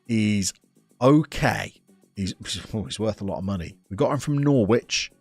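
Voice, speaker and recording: A man's voice: on the low side, normal speed, vocal fry, a little mellow, husky, no room sound, soft background music. Chatty man streaming a game. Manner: chatty and playful, talks to the players and the chat. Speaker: streamer playing a football management game. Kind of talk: live gameplay commentary.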